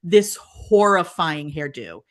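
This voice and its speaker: Animated older woman retelling a show. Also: takes it slowly. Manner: animated storyteller, acts out quotes with big pitch jumps. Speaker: podcast co-host. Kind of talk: casual retro TV chat.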